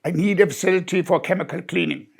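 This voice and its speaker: A man voicing a serious, literal-minded German musician with a German accent, formal and deadpan. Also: sits high, quick pace, vocal fry, husky, full character voice.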